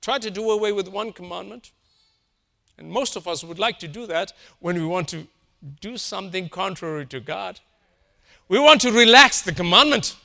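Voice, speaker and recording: Preacher guy, high bright voice, goes soft and slow then gets loud and pushy. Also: creaky. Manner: swings from quiet, slow emphasis to loud, rising insistence. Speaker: pastor. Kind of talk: sermon.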